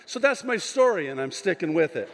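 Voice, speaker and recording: A male pastor preaching a conference sermon, moving from quiet asides to impassioned shouting with joking digressions. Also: fairly high pitch, sing-song, fairly quick, noisy background. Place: large conference hall. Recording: long hall reverb from a live conference.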